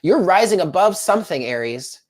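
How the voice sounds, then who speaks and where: Low-voiced, lively woman reading tarot. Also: moderate pace. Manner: chatty, upbeat, talks to viewers directly. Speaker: tarot reader. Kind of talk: live-streamed tarot reading.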